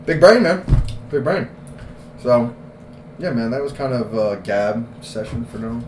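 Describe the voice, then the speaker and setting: A man co-hosting a podcast in casual chat, laughing often, swearing and telling animated stories. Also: medium pitch, measured pace. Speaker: podcast co-host. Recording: echoey room with background noise.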